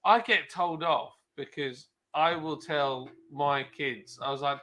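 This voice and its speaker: A man from southern England, a guest in a casual chat, telling stories in an animated way. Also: fairly high pitch, unhurried, hardly any pauses, low-quality recording.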